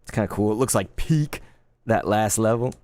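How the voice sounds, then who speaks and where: A man in his thirties chatting casually while opening trading cards live, laid-back and quick to get excited. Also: fairly low pitch, dry recording. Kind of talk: live card-opening stream chat.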